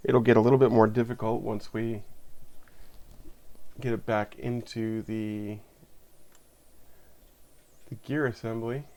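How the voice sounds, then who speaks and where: A man's voice: lowish voice, steady tone, takes it slowly, pauses often, darkish tone. A man casually talking through a hands-on electronics repair, thinking aloud as he works at his bench. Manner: chatty, thinks aloud while working. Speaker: repair video host.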